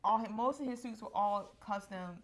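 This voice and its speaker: Looking back on their wedding with her husband, a thirtysomething woman who co-hosts their couple's channel chats casually in a medium-pitched voice at a moderate pace. She comes across as talkative and affectionate, with frequent laughter and moments of emotion.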